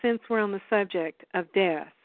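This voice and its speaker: A woman hosting a live interview, measured and inviting in how she frames her questions. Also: medium pitch, dry recording. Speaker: host. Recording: dry phone-like line.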